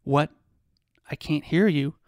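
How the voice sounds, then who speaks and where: A man reading the part of a menacing, controlling man who speaks in a calm, taunting, bullying way. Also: on the high side, slow pace, no echo, studio quality.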